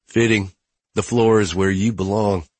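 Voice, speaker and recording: Smug rich brother, sneering and superior, read by a male narrator, low husky voice. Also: fairly even intonation, unhurried, a little mellow, no room sound. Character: smug self-righteous wealthy brother.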